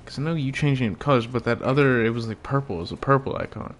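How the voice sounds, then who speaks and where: A young man streaming a game with viewers, chatting casually, cursing often and shouting when excited. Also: medium pitch, quick pace, slight background noise. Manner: profane, joking, bursts of excited shouting. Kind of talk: casual gaming livestream chat.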